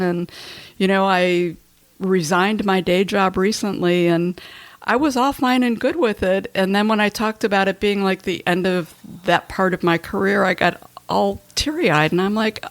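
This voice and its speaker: A woman's voice: mid-range voice, fairly even intonation, moderate pace, no room sound. A woman hosting a podcast, talking casually and chattily, often joking at her own expense. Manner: chatty, self-mocking, laughs while talking. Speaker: podcast host. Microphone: headphones and mic.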